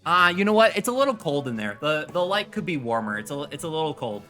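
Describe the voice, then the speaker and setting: A man streaming live while he bakes in a home kitchen, rambling and joking loudly with his viewers, his microphone set some way from his face. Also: fairly high pitch, very animated, fast talker, faint music behind. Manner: loud, rambling, jokey, chatting with viewers. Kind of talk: casual chat while baking. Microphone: microphone set far from his face.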